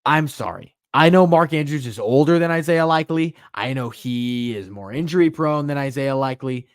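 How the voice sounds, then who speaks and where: Animated young man hosting a podcast. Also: medium pitch, normal speed, dry recording, clean studio sound. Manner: animated, emphatic questions, self-correcting asides. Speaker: podcast host. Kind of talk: solo sports podcast talk.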